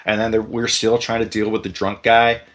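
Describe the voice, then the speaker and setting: A man telling a story in casual podcast chat, animated and profane, acting out the people he quotes. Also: fairly low pitch, fairly quick. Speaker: podcast host.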